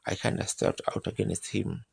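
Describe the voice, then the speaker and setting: A man's voice: low voice, fairly even intonation, moderate pace, creaky, breathy edge. A man preaching a sermon, telling a personal story in a folksy, colloquial way and acting out moments as he goes.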